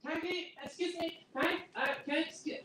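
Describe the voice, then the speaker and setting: A man's voice: very high-pitched, steady tone, fast talker, voice pushed up. A man voicing a stammering little kid who pesters adults, stuttering and whining. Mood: pestering. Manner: stuttering, breathless, whiny. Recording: echoey room from far off, noisy.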